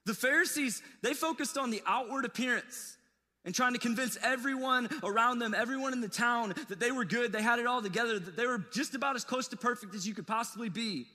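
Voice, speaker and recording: Animated preacher in a reverberant hall. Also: male voice, very high voice, a little fast. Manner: casual, animated storytelling with slangy asides. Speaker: pastor. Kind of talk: sermon.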